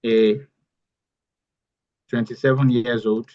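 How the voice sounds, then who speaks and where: A man's voice: mid-range voice, little pitch movement, slow, highs cut off. A man teaching an online workshop step by step, repeating key phrases as he goes. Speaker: AI bootcamp instructor. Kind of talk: live online tutorial.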